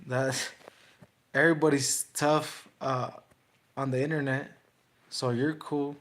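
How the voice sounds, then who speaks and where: A man's voice: mid-range voice, flat delivery, slow, fairly bright tone. A young man, a boxer, taunting his livestream chat in slangy, repetitive trash talk.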